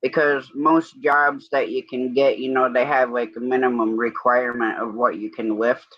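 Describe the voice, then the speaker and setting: A man hosting a livestream tells rambling stories in casual chat, quoting exchanges back and forth with "I said." His voice is medium in pitch, level in tone, and normal in speed, with no echo but a muffled recording.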